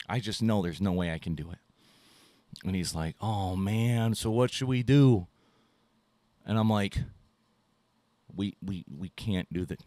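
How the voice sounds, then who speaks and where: A man with a fairly low voice tells a story in a casual, profane way, playing out both sides of his phone calls as he goes. The sound is dry and close, with no room around it. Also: no room sound. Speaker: podcast host.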